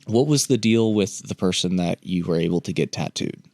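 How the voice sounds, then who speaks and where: A man hosting a podcast interview, calm and reflective as he asks questions. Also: sits low, moderate pace, creaky, no room sound. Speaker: podcast host.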